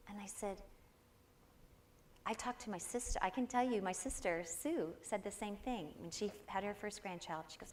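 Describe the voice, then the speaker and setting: A woman's voice: medium pitch, normal speed, a little hiss or hum. An older woman giving an inspirational talk to a congregation, telling personal stories in an earnest way. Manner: personal storytelling, warm and earnest, with quoted voices. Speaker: guest speaker.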